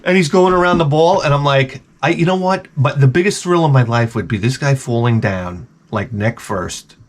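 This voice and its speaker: Profane Long Island man ranting. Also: mid-range voice. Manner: profane, sarcastic, rambling. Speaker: vlogger. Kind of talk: ranting comedic storytelling.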